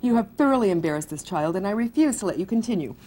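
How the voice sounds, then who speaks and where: A woman reading aloud from a romance novel, voicing a brisk, motherly older aunt who scolds firmly. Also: mid-range voice, expressive, mellow, voice pushed up, lightly acted. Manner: firm and scolding.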